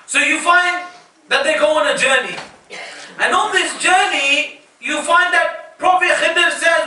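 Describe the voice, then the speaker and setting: High, bright-voiced male preacher. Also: unhurried. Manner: emphatic, asks the audience rhetorical questions. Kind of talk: sermon. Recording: echoey hall, voice from far off.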